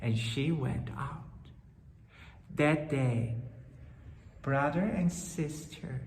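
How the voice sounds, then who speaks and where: A woman tells a children's folktale slowly and dramatically, dropping into hushed asides and little gasps. Her voice sits a bit low, and the recording is roomy with a long hall reverb trailing behind. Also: a little hiss or hum. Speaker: storyteller. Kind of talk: children's storytelling.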